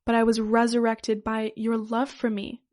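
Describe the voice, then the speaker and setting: A man's voice: extremely high pitch, completely flat delivery, moderate pace, a little mellow. A woman voicing a resurrected dictator who speaks in a curt, mocking way in a comic story.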